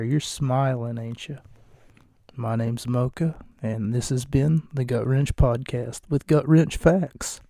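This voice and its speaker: Guy doing a solo wrestling podcast at 2am, half whispering, flat mellow voice, dry close mic. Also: mid-range voice, slow, vocal fry, dry recording. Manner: hushed, late-night, jokey and rambling. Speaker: podcast host. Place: home recording space at night.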